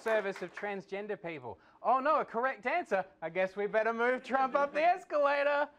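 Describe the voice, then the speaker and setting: A man's voice: extremely high pitch, animated, fairly quick, background noise. A man hosting a live comedy quiz show in a studio, jokey and chuckling as he reads out questions.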